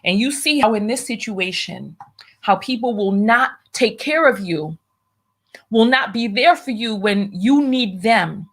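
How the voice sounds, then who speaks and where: A woman's voice: fairly high pitch, lively intonation, measured pace. Blunt, emphatic woman commentator. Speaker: host of a commentary channel. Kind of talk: livestream commentary, reading viewer donations.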